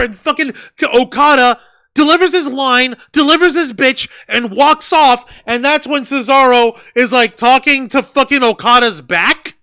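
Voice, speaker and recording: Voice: sits high, bright, forceful tone. A wrestling review co-host ranting heatedly and emphatically, swearing constantly. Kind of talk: heated podcast rant.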